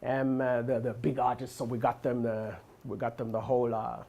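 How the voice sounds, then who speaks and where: A man doing stand-up comedy, telling a story in an animated way, with halting fillers and laughter in his voice. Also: medium pitch. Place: comedy venue with a live audience. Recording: crowd laughter and noise.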